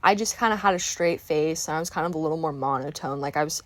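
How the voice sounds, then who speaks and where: A young woman chatting casually while painting, telling a work storytime in an animated, exclamatory rant. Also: sits low, fast, hardly any pauses. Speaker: art vlogger telling a story time.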